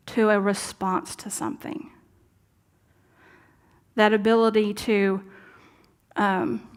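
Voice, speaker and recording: In a church sanctuary, a woman minister preaches with an earnest, conversational manner, her voice pitched on the high side with a clear, resonant tone. She sometimes slips into quiet asides.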